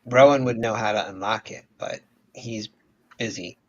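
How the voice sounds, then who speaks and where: A man acting as game master, narrating a tabletop game with measured, descriptive talk. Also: fairly low pitch. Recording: dull lo-fi audio.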